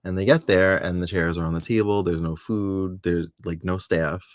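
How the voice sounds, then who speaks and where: A man with a low, deep voice chats casually as a podcast co-host, recapping soap episodes. He laughs often and slips into voices when quoting characters. The sound is dry and close. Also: fairly even intonation, normal speed, no echo.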